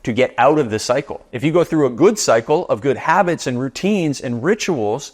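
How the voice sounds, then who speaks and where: A middle-aged man, a business coach, giving an emphatic motivational talk full of repeated rhetorical questions. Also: medium pitch.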